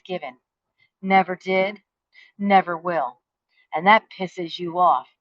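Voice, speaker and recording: A woman's voice: fairly low pitch, takes it slowly, no room sound, muffled recording. A woman, delivering a profane, confrontational rant, taunting with rhetorical questions and heavy cursing. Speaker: vlogger. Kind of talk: angry rant to the camera.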